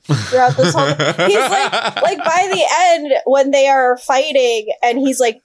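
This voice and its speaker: Podcast guest: woman, bright lively delivery with wide swings in pitch, unhurried, laughs a lot. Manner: animated, laughs often, playful quoting of characters. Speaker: guest comic artist. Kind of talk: casual podcast chat about a film.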